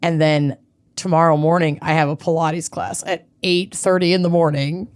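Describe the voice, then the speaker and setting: A woman co-hosting a casual podcast, chatty and animated, often mocking herself. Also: low-pitched, normal speed, smooth. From United States. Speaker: podcast co-host. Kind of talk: casual chat.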